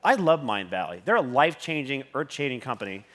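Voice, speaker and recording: A man giving a motivational talk on a conference stage. He swears constantly and keeps surging in volume when he gets excited. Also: medium pitch, brisk. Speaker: conference speaker.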